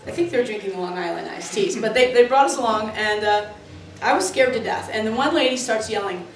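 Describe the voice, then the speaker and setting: A woman from Florida who works at the club, telling rambling, animated stories full of fillers and tangents. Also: fairly high pitch, fairly quick. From Florida, USA. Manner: animated, lots of fillers, jumps between tangents. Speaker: club worker interviewee. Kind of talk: rambling anecdotal storytelling. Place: indoors, in the club building. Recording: echoey room, distant mic, faint noise.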